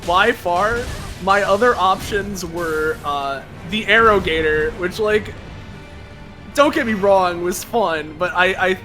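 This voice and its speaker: Slow-talking man with a high voice. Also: sharp tone, soft background music. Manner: slow, deliberate, hedging. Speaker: stream guest. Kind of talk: casual chat.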